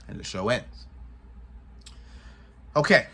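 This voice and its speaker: A man's voice: mid-range voice, expressive, normal speed, a bit bright. A man recapping a wrestling show in casual commentary, retelling events with animation, acting out what people said and laughing often.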